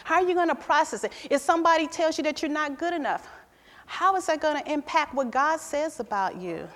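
A middle-aged woman preaching a sermon and telling a personal story, swinging between loud emphatic bursts and hushed, quiet passages. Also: sits high, lively intonation, a little fast. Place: church hall. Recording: long hall reverb in a church.

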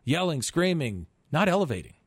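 Animated male radio finance host. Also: on the high side, normal speed, husky, dry recording, studio quality. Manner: animated, emphatic, repeats words, rhetorical questions. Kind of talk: call-in radio talk monologue. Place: radio studio.

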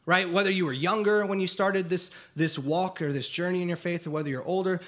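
A man's voice: high voice, fairly even intonation, a little fast, a bit bright. A young man preaching a sermon, earnest and building emphasis through repetition. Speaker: pastor.

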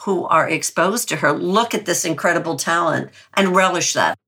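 Low-voiced woman interviewer. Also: normal speed, sharp tone, breathy edge. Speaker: interviewer, host. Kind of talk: interview questions.

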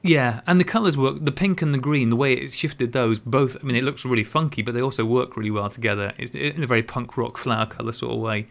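A man's voice: medium pitch, quick pace, creaky, hardly any pauses. A man co-hosting a casual podcast, talking animatedly and teasing his co-host.

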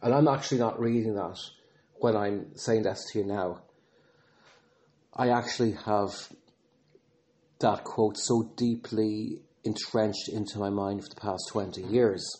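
A man speaking as a podcast host and father in an earnest, reflective monologue, often pausing, restarting and using fillers. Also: on the low side, steady tone, a little mellow.

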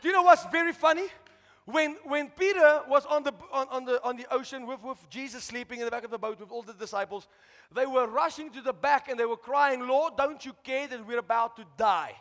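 High-voiced pastor preaching. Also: male voice, fairly quick, faint music behind. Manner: preaching with rising shouts and call-outs to the congregation. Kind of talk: sermon. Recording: long hall reverb.

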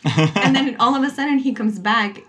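A young adult woman chatting casually about parenting, telling stories in an animated way and laughing often. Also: a little high, moderate pace. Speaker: mother on a parenting talk show. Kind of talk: casual conversational chat.

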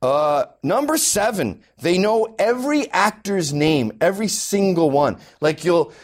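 A man's voice: sits high, expressive, measured pace. A Canadian man doing an exasperated, mocking stand-up rant. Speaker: comedian.

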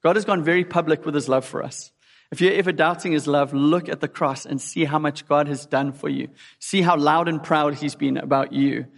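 A man's voice: fairly high pitch, steady tone, normal speed, creaky. A man preaching a sermon in an earnest way, putting direct questions to his listeners. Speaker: pastor. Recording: long hall reverb.

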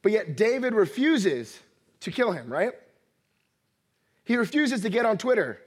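A man in his thirties preaching a lively sermon, acting out little quoted voices and laughing often as he talks. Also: high-pitched, measured pace, slightly rough. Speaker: pastor. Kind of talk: energetic sermon.

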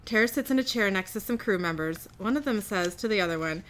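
A woman's voice: medium pitch, animated, fast, fairly bright tone. A woman co-hosting a podcast, recapping an episode in casual chat and laughing often. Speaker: podcast co-host.

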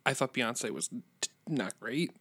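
A man's voice: medium pitch, expressive, unhurried, fairly bright tone, slightly rough. A man co-hosting a podcast, chatting casually about a movie and giving blunt, joking opinions. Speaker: podcast co-host. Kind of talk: casual chat, movie review.

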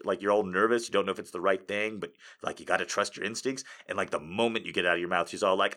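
A man ranting casually to his audience, swearing freely and swinging between loud outbursts and muttered asides. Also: mid-range voice, fast, hardly any pauses. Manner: animated, swearing, jumping between loud and quiet. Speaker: streamer.

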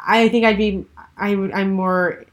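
A young woman chatting casually with friends and quickly retelling a story, with playful quotes. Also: mid-range voice, steady tone. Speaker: friend giving dating advice. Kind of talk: casual chat.

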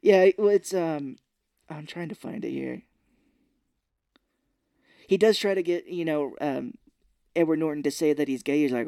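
A man's voice: moderate pace, gravelly, long pauses, no room sound, studio quality. Man animatedly recapping a movie. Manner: animated retelling, acts out characters' lines in high voices; swears freely. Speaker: podcast co-host. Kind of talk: casual movie recap chat.

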